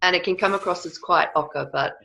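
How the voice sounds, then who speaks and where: A woman from Australia with an Australian accent, hosting a chat on a video call, chatty and animated. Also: lowish voice, a little fast, gravelly. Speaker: host. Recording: dull lo-fi call audio.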